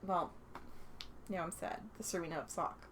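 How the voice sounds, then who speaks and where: A Canadian woman co-hosts a podcast, chatting casually and telling stories full of laughter and acted-out quotes. Her voice sits lowish with fairly even intonation and a moderate pace, over slight background noise.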